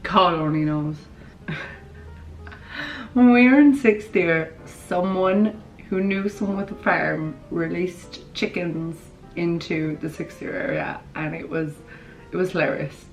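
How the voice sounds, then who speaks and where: A young woman in her twenties with a Kerry Irish accent, chatting bubbly and quick to camera as a vlogger. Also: lowish voice, soft background music, rough recording. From Ireland. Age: 20s. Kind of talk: casual chat to camera.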